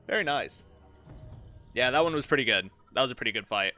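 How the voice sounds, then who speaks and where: Young male streamer, bright edgy tone, hotheaded, cusses, faint music behind. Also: mid-range voice, a little fast, dry recording. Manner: excitable, swears when frustrated. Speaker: game streamer. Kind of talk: live gameplay commentary.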